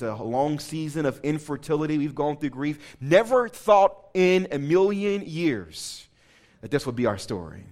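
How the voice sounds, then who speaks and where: A man preaching to a congregation, telling a personal story with lively asides and questions to the room. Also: fairly high pitch. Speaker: pastor.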